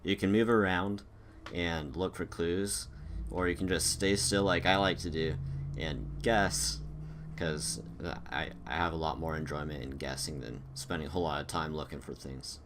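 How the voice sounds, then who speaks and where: A man hosting a casual video call chat, easygoing and quick with short agreeing replies. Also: low-pitched, fairly even intonation, noisy background. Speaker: host.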